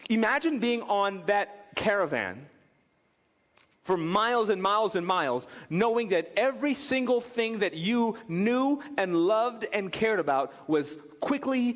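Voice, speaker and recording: High, lively preacher in a church. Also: male voice, unhurried. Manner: animated, acts out quoted voices. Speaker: pastor. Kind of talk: sermon. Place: church sanctuary. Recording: reverberant church hall.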